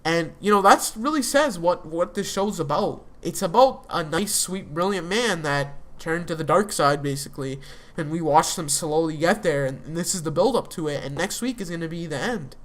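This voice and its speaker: An animated, slightly bright mid-range voice at a moderate pace recaps a TV episode. The young adult reviewer rambles casually, filling the talk with fillers and restarts.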